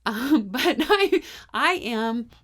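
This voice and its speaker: A middle-aged woman co-hosting a parenting show, telling stories in a casual, animated way and breaking into laughter as she acts out quotes. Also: on the high side, extremely slow. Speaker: parenting podcast co-host. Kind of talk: casual conversational storytelling.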